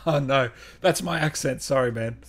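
A man's voice: mid-range voice, a little slow. A man hosting a livestream, upbeat and chatty, thanking viewers by name. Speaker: host. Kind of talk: livestream chat.

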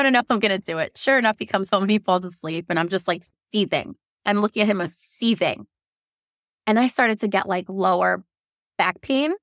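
Woman, 30s, podcast guest. Animated storyteller who jumps up in pitch for quoted lines, dry close mic. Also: creaky, dry recording. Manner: animated, laughs often, acts out quotes in a higher voice. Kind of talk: casual storytelling.

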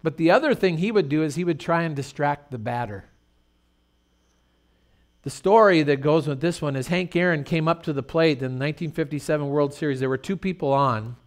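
A man's voice: on the high side, a little fast. A middle-aged male pastor preaching a sermon in a conversational, storytelling way with rhetorical questions.

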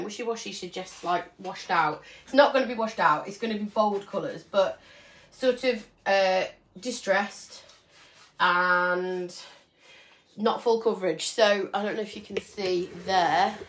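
A woman's voice: medium pitch, a bit bright. A woman chatting casually to viewers while she paints furniture, rambling and friendly. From English Midlands, near Birmingham.

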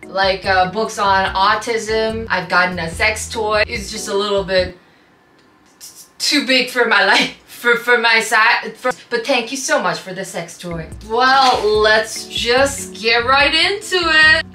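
A woman's voice: a little high, slow, sharp tone, echoey room, faint music behind. A young woman vlogging casually as she unboxes gifts, playful, with squeals and giggles. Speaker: YouTuber.

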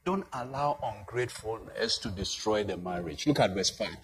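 A man's voice: fairly low pitch, animated, moderate pace, few pauses, low-quality recording. A male pastor preaching a sermon, building to emphatic swells and asking the congregation rhetorical questions.

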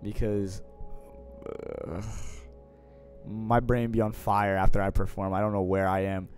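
A young man streaming live, casually answering viewer questions in slangy, profane talk that swings between mumbled asides and loud bursts. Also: fairly low pitch, level tone, a little slow, faint music behind.

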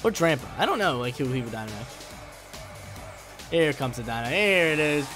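Excitable man commentating his game. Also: on the high side, quick pace. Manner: excitable, trash-talking, playful. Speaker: gaming YouTuber. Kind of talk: casual live game commentary. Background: background game music.

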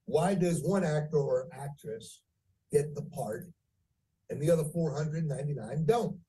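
Mellow male trainer, heard from afar. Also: recorded from a distance, rough recording. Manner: deliberate, playing with pitch and pace for effect. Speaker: sales trainer. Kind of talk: training lecture.

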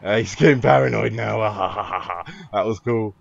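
This is casual let's-play commentary from a gaming YouTuber who rambles, jokes, and swears freely while driving in a game. His lowish voice is creaky and slightly rough, and he talks a little slowly. The recording is dry, dull, and lo-fi, with faint hiss.

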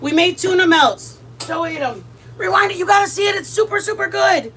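A middle-aged woman cooks on a livestream, chatting casually, rambling, and greeting viewers by name. Her very high voice is brisk and a bit bright, with slight background noise.

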